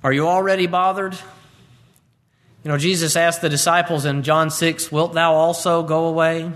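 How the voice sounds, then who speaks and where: A man preaching an expository sermon as a pastor. He reads scripture in a measured King James cadence, then explains it briskly and emphatically, with rhetorical questions. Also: a little high, flat delivery, fairly bright tone.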